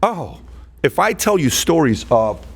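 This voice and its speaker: A man appearing as a podcast guest, telling animated stories and acting out quoted dialogue with emphasis. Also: fairly high pitch, unhurried, creaky, slightly rough. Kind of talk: animated storytelling.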